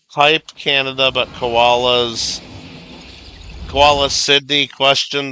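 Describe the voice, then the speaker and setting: A man's voice: mid-range voice, pushed and bright, clean tone, no room sound, clean studio sound. A man streaming a video game, chatting casually, reading viewer comments aloud and swearing now and then. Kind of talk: casual livestream gaming chat.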